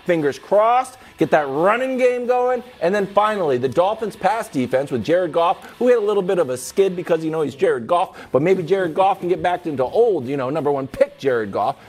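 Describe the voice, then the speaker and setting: A man co-hosting a football show, his high voice swinging widely as he hypes his picks. He jokes at his own expense and makes picks in a playful tone. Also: a little mellow. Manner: playful, self-mocking hype. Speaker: sports show co-host. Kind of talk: bantering football picks talk.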